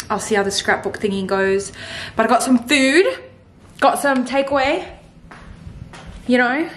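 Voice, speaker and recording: A woman's voice: mid-range voice, slight background noise. A young woman, talking casually to camera in a rambling, chatty vlog. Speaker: vlogger.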